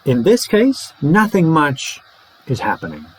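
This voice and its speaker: A man with a Czech first language teaching English in a playful way, acting out phrases slowly and fast. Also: fairly high pitch, wildly swooping pitch, a little hiss or hum, poor audio. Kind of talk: English lesson to camera.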